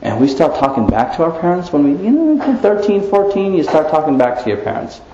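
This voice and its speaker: A man giving an Islamic lecture, animated, asking rhetorical questions and tossing in playful asides. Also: fairly high pitch, a little fast, a little hiss or hum. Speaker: preacher. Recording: echoey muffled room recording.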